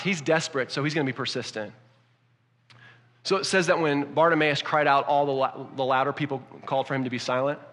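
Pastor, male, slightly high voice, delivers a dynamic sermon in a reverberant church hall. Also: husky. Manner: dynamic, swings from hushed to emphatic.

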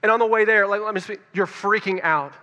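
A man preaching fast in a high, bright voice. He tells his story straight to the listeners, dropping low and quiet, then building back up. A long reverb hangs on his voice in a large hall. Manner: storytelling, addresses listeners directly, swings between loud and hushed. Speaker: pastor. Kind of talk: sermon.

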